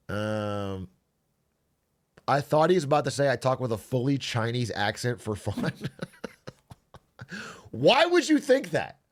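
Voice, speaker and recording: A young man chatting casually on his stream, sarcastic and laughing often. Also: mid-range voice.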